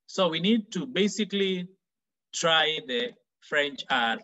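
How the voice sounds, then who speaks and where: A man teaching a French lesson for exam preparation, explaining slowly and repeating example phrases. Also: fairly high pitch, expressive, sharp tone, dull audio. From Kenya. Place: online class.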